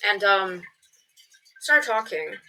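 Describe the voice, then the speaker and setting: A young woman vlogger tells stories in a casual, chatty way, swearing freely and leaning on "like" as a filler. Her medium-pitched voice is animated, slow, and sharp-toned, and the audio quality is poor.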